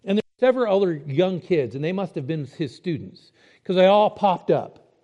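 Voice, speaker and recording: A man delivers a sermon in a high voice that swoops and jumps animatedly. His tone is mellow rather than sharp. He keeps it conversational, breaking ideas down and asking his listeners rhetorical questions. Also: expressive, normal speed, dull audio. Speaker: preacher.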